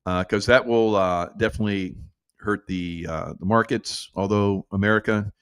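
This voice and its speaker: A brash middle-aged man talks through casual political commentary in a low voice. He laughs often and mimics his critics with quick put-on voices. The recording is dry and close. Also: steady tone, a bit bright, clean tone, dry recording. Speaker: show host.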